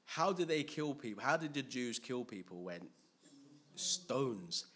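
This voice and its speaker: A man preaching a sermon, animated and storytelling, acting out scenes. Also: medium pitch, unhurried, slightly rough.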